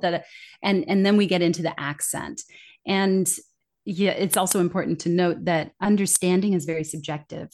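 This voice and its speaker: A woman from an English-speaking country, with a fairly low voice and moderate pace, is a guest in a conversational interview. She works as an accent bias consultant and speaks earnestly and reflectively, often quoting complaints she hears.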